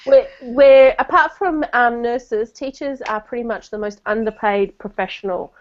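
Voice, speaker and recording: A woman's voice: fairly high pitch, moderate pace, muffled recording. A woman chatting casually with friends as co-host of a book chat, laughing often. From Australia. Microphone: video call.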